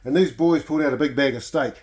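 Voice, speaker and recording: A man's voice: on the high side, fast, breathy edge. A man with a New Zealand accent telling funny stories to a friend, swearing freely as he goes. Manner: animated yarn-spinner, swears freely. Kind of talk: casual storytelling.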